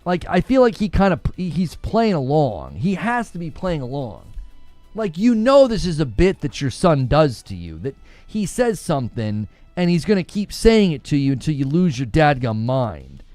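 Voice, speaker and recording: A man hosts a gaming news podcast in loose, casual chat. His voice sits a little high and swings around animatedly, rambling through fillers and easy laughs. The sound is dry and close, with faint music underneath. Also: big pitch swings, moderate pace, a little mellow, no echo.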